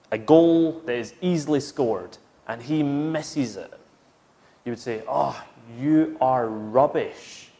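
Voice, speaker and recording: A man's voice: mid-range voice, darkish tone. A British man teaching English vocabulary, patiently modelling words for learners to repeat. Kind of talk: slow, clear classroom instruction.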